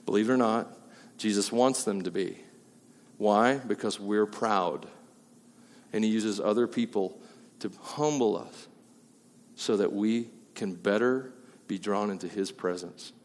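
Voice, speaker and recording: A pastor preaching a sermon, emphatic and swinging between loud and quiet, with jokey asides. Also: male voice, lowish voice, unhurried, long pauses. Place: church hall. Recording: long hall reverb.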